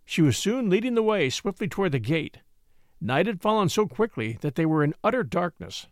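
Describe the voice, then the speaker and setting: A man narrating a story in an expressive, measured reading. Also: high-pitched, dry recording, clean studio sound. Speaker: audiobook narrator.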